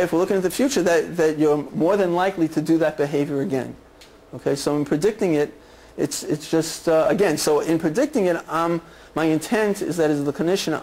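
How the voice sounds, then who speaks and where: High-voiced man lecturing clinicians. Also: a little mellow, low-quality recording. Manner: conversational, repeats "okay" and "right" often. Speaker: clinician teaching a class. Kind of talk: lecture with role-play examples.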